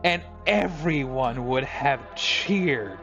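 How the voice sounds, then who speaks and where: A man's voice: medium pitch, expressive, slow pace, dull audio. A man hosting a casual chat while drawing, ranting in exasperation and swearing freely. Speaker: host. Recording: music playing underneath.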